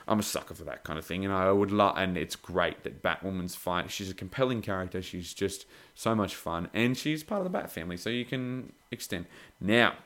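A young man hosting a podcast, reviewing in a rambling, excitable way and swearing freely. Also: deep voice. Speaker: podcast host.

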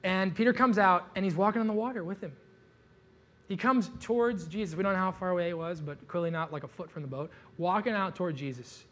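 Lively, joking man preaching. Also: sits high, fast talker. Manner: casual, joking, animated storytelling with many "like" fillers. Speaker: pastor. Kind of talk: sermon.

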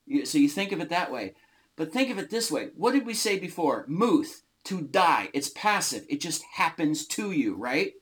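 A man teaching an informal Bible study, explaining words slowly and stressing single words. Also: on the high side, very animated, fairly bright tone. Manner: slow, emphatic, often stressing single words.

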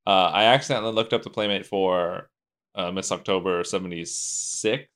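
A man's voice: sits low, normal speed, a bit bright, clear, resonant tone. A man co-hosting a podcast, talking casually about movies, with restarts and laughs. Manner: rambling, many restarts, laughs. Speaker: podcast co-host. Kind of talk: casual chat.

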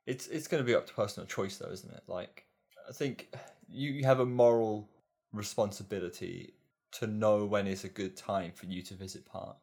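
A man's voice: on the low side, fairly even intonation, normal speed, vocal fry, darkish tone. A man co-hosting a podcast, chatting casually and musing in a hesitant way that repeats words. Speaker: podcast co-host. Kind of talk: casual chat.

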